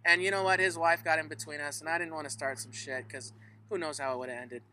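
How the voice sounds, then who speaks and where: A man's voice: fairly high pitch, steady tone, quick pace, bright, forceful tone, poor audio. A man co-hosting a casual sports talk show, telling stories with plenty of swearing. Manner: profane, storytelling, emphatic. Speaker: podcast co-host.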